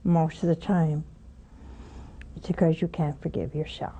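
A woman's voice: low-pitched, fairly even intonation, measured pace, dark tone, slight background noise. A woman giving a spoken sermon, blunt and teasing, with pointed asides to her listeners. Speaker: religious broadcaster teaching scripture.

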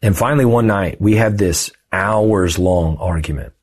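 A man in his thirties talks through a personal story as a podcast guest. His voice sits low and has a husky edge. He keeps it casual and animated, slipping into the voices of the people he quotes. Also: moderate pace. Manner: animated, lively storyteller who acts out quoted dialogue. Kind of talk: conversational storytelling.

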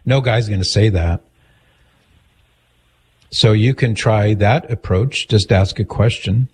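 A man's voice: fairly low pitch, slow, slightly rough. A man hosting an advice call-in talk, direct and earnest, acting out the questions he suggests. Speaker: radio host giving advice.

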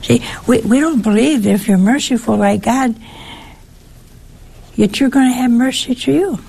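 A woman giving a conversational sermon in a folksy way, asking her listeners rhetorical questions and jumping up in pitch for emphasis. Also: normal speed, vocal fry, dark tone, husky. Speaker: preacher.

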